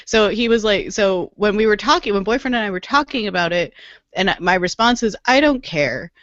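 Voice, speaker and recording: A woman's voice: medium pitch, brisk, a bit bright, no room sound, dull audio. A woman co-hosting a podcast in casual chat, emphatic and repetitive, laughing often. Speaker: podcast co-host.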